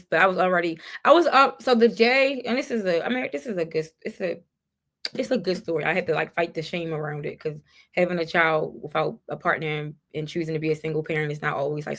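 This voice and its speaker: A woman's voice: lowish voice, fast talker. A woman guest on a podcast, sharing a personal story in a candid, heartfelt way.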